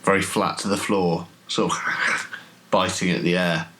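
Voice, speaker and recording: A man with a very low voice who narrates a horror tabletop game as game master. He describes scenes haltingly, stopping and restarting as he goes. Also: little pitch movement, noisy background. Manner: hesitant, halting description full of fillers.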